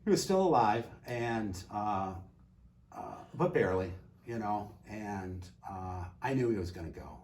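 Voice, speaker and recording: Low-voiced retired man telling a story. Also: measured pace. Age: older. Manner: animated storyteller, acts out quoted dialogue. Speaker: guest. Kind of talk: casual storytelling. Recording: distant mic with faint ambient noise.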